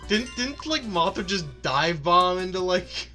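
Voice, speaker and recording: A man co-hosting a gaming video, chatting casually with a quick laugh and stammering restarts. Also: high-pitched, lively intonation, music in the background. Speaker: co-host of a gaming channel. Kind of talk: casual chat over gameplay.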